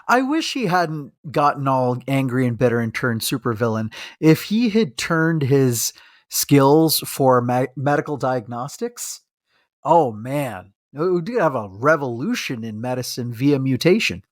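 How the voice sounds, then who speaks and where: Male physician co-host, mid-pitch, eager and halting, dry close-miked sound. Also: big pitch swings, dry recording. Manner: enthusiastic, halting with many restarts and laughs. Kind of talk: casual podcast chat.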